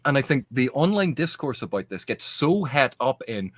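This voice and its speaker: A man's voice: mid-range voice, sing-song, moderate pace, few pauses, no room sound. Man arguing earnestly, dry sound. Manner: earnest, emphatic arguing with frequent restarts. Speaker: podcast guest. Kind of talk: casual panel discussion.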